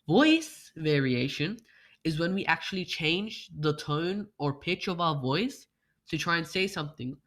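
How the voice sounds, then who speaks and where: A man's voice: a little high, moderate pace, pushed and bright. A young man presenting a workshop on an online call, explaining speech practice with rhetorical questions and demonstrating voice changes. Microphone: computer mic without webcam.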